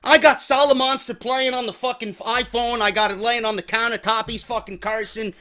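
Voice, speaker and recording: Heated, high-pitched ranting man. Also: little pitch movement, moderate pace, pushed and bright. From New York. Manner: profane, heated, exasperated. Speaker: podcast host. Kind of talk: ranting storytelling.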